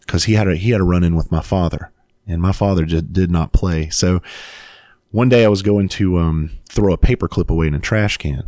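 A man and father telling a story in casual chat, animated and swearing freely, laughing as he goes. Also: deep voice, fairly quick, dry recording, clean studio sound.

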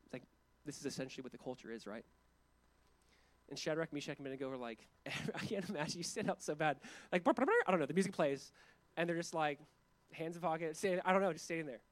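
Guy preaching fast, high-ish voice, chatty and emphatic. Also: no echo. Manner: conversational and emphatic, with asides and chuckles. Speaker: pastor. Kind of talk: sermon.

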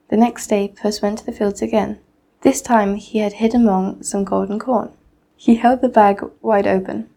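A teenage girl, a student, reading a classic fairy tale aloud in a steady, measured way. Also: mid-range voice, vocal fry. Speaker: student reader. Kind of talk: storybook reading.

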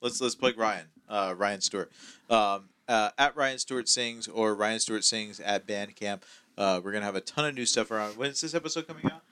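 A man talking as a relaxed guest on a casual podcast. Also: fairly low pitch, fairly quick, clean tone, no echo.

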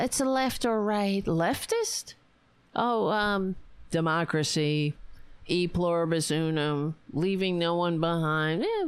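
A woman's voice: medium pitch, clear, resonant tone, no echo. A woman hosting her own political commentary show, sarcastic and profane, ranting with asides and laughing at her own jokes.

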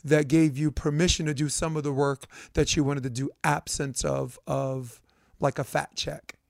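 A man's voice: fairly high pitch, flat delivery, moderate pace, vocal fry, no room sound, clean studio sound. A man hosting a podcast, asking loose, rambling questions in a casual chat. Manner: loose, rambling, profane interviewer. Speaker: podcast host.

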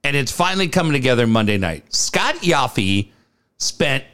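A man's voice: medium pitch, big pitch swings, moderate pace, a bit bright. A man co-hosting a sports podcast, chatting casually in an upbeat, rambling way as he plugs upcoming shows. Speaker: podcast co-host.

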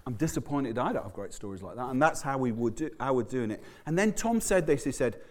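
A man's voice: mid-range voice, fast, few pauses. A man preaching a sermon in a loose, conversational way, often stumbling and restarting words as he tells the story. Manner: conversational, animated, stammering restarts. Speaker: pastor.

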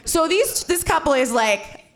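Animated, self-mocking woman storyteller. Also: sits high, measured pace. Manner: animated, swearing, heavy filler "like"; self-mocking, frequent laughter. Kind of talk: live personal storytelling.

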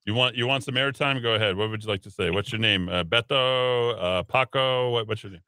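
A man's voice: medium pitch, brisk, pushed and bright, smooth, dry recording. A man hosting a talk radio show in casual banter, sarcastic, teasing and blunt, on a studio microphone.

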